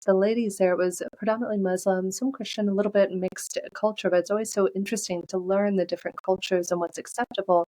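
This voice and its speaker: A woman's voice: mid-range voice, fairly even intonation, fast, few pauses, dark tone, rough recording. A woman guest on a podcast, telling her story in an earnest, heartfelt way. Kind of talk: conversational storytelling.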